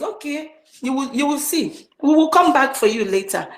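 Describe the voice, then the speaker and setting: A woman's voice: sits high, very animated, moderate pace. A woman in a heated political rant, scornful and mocking. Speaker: online group speaker. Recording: roomy echoey online audio.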